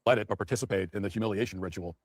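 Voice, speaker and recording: Male pundit, rapid indignant rant, dead-dry studio mic. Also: on the low side, no room sound. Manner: indignant, mocking, ranting. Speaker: political commentator. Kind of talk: heated political commentary.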